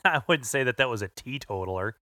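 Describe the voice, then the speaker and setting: A man's voice: medium pitch, lively intonation, normal speed, pushed and bright, slight background noise. A man co-hosting a podcast, chatting and telling a wisecracking anecdote. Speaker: podcast co-host. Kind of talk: casual chat.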